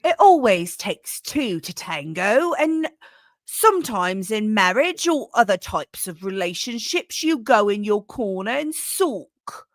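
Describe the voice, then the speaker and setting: A woman putting on a mock British accent to play a pompous male European president, drawn-out and sing-song. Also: mid-range voice, very animated, no room sound, voice pushed up. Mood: preachy.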